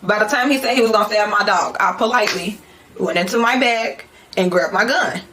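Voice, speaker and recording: A young woman vlogger telling a story in a casual, animated way, full of slang and swearing. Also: medium pitch, fairly quick, a crowd in the background. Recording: echoey room.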